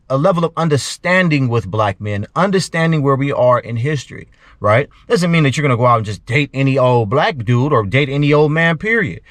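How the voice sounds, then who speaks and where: Male host, preachy solo commentary, throat-clearing habit, dry close mic. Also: on the high side, a bit bright, no room sound. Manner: preachy, repeats "you know", clears throat often. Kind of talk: monologue commentary.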